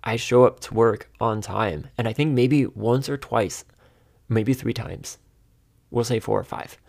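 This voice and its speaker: A man's voice: mid-range voice, unhurried, vocal fry, darkish tone. A man in his thirties talking alone on his podcast, rambling and exasperated, often laughing at himself. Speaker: podcast host. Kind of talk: casual solo monologue.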